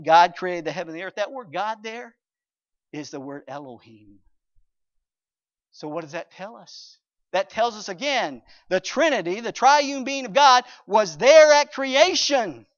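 An older man preaching a sermon and reading scripture aloud, swinging between loud and soft and drawing out key phrases. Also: high-pitched. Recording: dull lo-fi recording.

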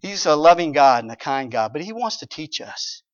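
A man's voice: fairly high pitch, very animated, moderate pace, no room sound. A man preaching a sermon, reading scripture and retelling it animatedly, acting out characters and chuckling. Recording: dull lo-fi recording.

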